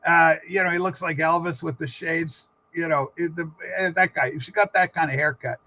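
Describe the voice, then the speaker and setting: A man with a high, bright voice hosts a political livestream chat. He rambles through stories and opinions, stopping often for fillers and restarts. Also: steady tone, moderate pace, low-quality recording.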